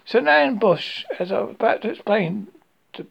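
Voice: mid-range voice, animated, moderate pace, creaky, husky, lo-fi sound, voice pushed up, full character voice. A storyteller voicing a small, anxious piglet who is eager to explain. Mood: fussy.

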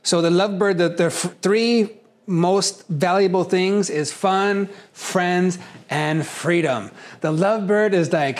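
A man teaching a casual workshop on personality types, talking in a conversational, animated way and acting out examples. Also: sits high, takes it slowly.

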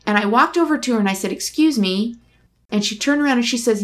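Her voice is a little high, with lively intonation and a fairly quick pace. Chatting casually, she shares a candid, reflective personal story and performs the lines of dialogue herself.

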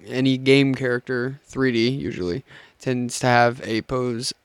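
A man in casual podcast chat, explaining in a halting way with restarts. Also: mid-range voice, steady tone, clean tone, no room sound.

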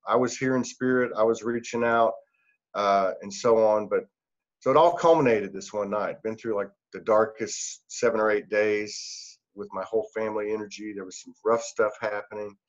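A man's voice: fairly low pitch, fairly even intonation, normal speed, muffled recording. A middle-aged man, a podcast guest, telling a personal story in an earnest, rambling way, laughing often and using many fillers. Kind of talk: casual storytelling.

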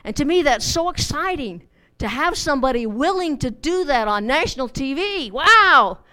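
A woman's voice: high voice, lively intonation, normal speed, pushed and bright. A middle-aged woman teaching a Bible study in a chatty, informal way, repeating words as she goes.

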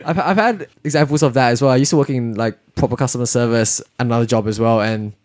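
A man's voice: medium pitch, quick pace. A man co-hosting a casual podcast chat, laid-back and swearing freely. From Australia. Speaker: podcast co-host.

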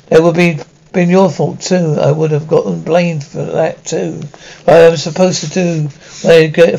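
A man's voice: fairly high pitch, creaky, a little mellow, low-quality recording. A man voicing a crude peasant goatherd, complaining indignantly in a tavern.

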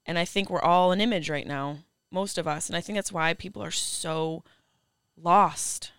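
Podcast guest, woman, lowish smooth voice, earnest, dry close mic. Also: fairly even intonation, moderate pace, fairly bright tone, dry recording. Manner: earnest, reflective, emphatic. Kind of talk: casual chat.

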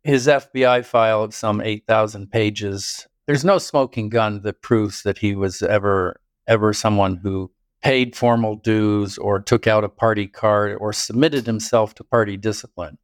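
Older guy telling history stories in an interview, smooth clear voice, dry close sound. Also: fairly low pitch, fairly even intonation, unhurried, dry recording. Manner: thoughtful storytelling with occasional chuckles. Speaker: biographer guest. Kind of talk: interview answers.

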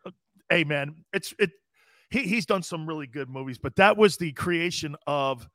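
A man co-hosting a sports talk show, casual and animated, slangy and storytelling. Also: fairly high pitch, moderate pace, no room sound. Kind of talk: casual sports radio chat.

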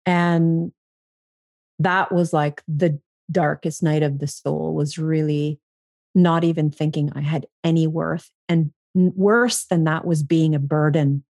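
A deep, slow female voice comes through clean and echo-free. She's a podcast guest speaking bluntly about her life, dropping swear words freely and dramatizing her past thoughts with animation.

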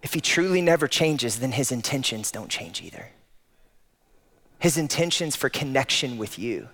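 A man preaching a sermon, swinging from loud emphatic peaks down to soft, intimate passages. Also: mid-range voice, expressive, moderate pace. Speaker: pastor. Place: church auditorium.

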